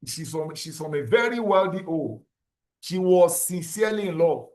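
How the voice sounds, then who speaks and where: High-voiced male lecturer. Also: expressive, a little mellow. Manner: explains slowly, repeats terms and checks if students follow. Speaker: university lecturer. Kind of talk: classroom lecture.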